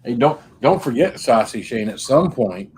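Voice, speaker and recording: A man's voice: mid-range voice, sing-song, moderate pace, a little mellow, breathy edge. A man in casual chat who mostly adds short replies and quips. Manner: brief back-channel replies and quips.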